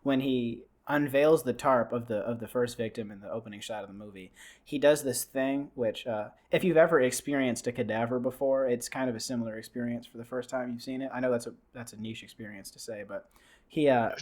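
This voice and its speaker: A man's voice: medium pitch, fairly quick, a little mellow. A young man hosting a podcast, rambling casually through a movie recap and acting out the characters' lines. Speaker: podcast host. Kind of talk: casual movie review chat.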